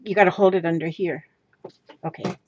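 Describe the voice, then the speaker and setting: A woman's voice: on the low side, a little fast, lo-fi sound, a little hiss or hum. A woman making a casual craft vlog at home, gushing and exclaiming over her supplies. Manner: gushing, excitable, exclaims often. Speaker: craft vlogger.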